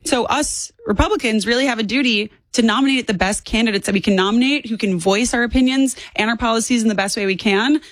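A young woman in her twenties rattles off her views at a quick clip, emphatic and opinionated. Her voice sits a touch high, and the sound is close and dry with no room around it. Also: dry recording. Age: 20s. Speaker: guest. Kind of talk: political talk interview.

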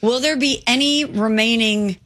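A woman on a sports talk panel, making quick, wry points in a casual debate. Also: on the high side, fairly bright tone.

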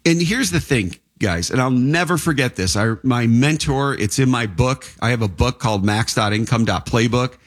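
A man's voice: mid-range voice, animated, normal speed, few pauses. A man, an insurance agent, chatting casually in an interview and telling rambling stories with frequent restarts.

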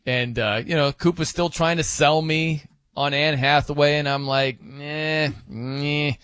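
A man's voice: fairly high pitch, steady tone, moderate pace, a bit bright, smooth, no room sound. A man hosting sports radio, bantering casually and rambling with joking asides, fillers and restarts, on a studio microphone. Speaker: radio host.

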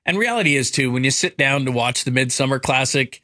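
Wry, bright sports radio co-host man. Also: mid-range voice, expressive, fairly quick. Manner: laughing, wry. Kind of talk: casual sports radio banter.

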